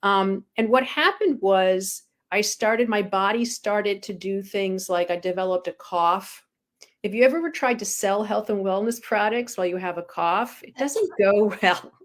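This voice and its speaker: A woman's voice: mid-range voice, measured pace. A woman guest, a spiritual coach, telling her own story frankly and with self-deprecating humor, with frequent ums. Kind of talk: candid personal storytelling.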